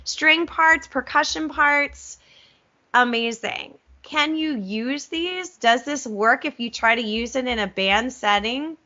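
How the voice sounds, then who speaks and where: A middle-aged woman music teacher demonstrating a curriculum in an enthusiastic webinar, animated and gushing, with self-aware asides. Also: on the high side, measured pace, dull audio.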